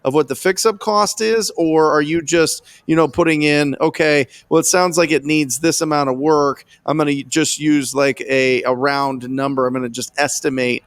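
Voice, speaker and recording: A man with a fairly high voice hosts a coaching interview and talks into a close, dry mic. He is enthusiastic, full of praise and keeps asking probing follow-up questions. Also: steady tone, normal speed, hardly any pauses, smooth, dry recording. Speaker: podcast host.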